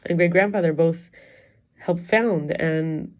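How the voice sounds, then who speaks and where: A woman's voice: lowish voice, steady tone, brisk, narrow, tinny audio. A middle-aged woman talking candidly in a rambling, confessional personal vlog, reflecting aloud as a wellness coach.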